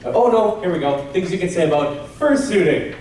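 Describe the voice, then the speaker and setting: A man from Canada doing a stand-up comedy set, animated and self-deprecating, often breaking into laughs. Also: high-pitched, fairly quick. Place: large convention hall. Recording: echoey convention hall from far off, crowd noise.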